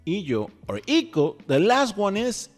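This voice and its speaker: A man's voice: high voice, measured pace, soft background music. A man whose first language is Spanish, teaching a language lesson in a playful, chatty way and checking in with the listener often. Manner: animated, playful, chatty with frequent "okay?" check-ins. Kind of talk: lively scripted language lesson.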